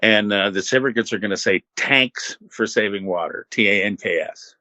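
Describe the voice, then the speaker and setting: An older man, a former radio host, telling stories as an interview guest in an animated, laid-back way and acting out what people said. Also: lowish voice, normal speed, dry recording, muffled recording. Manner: animated, laid-back storyteller who acts out quotes. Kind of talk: casual storytelling.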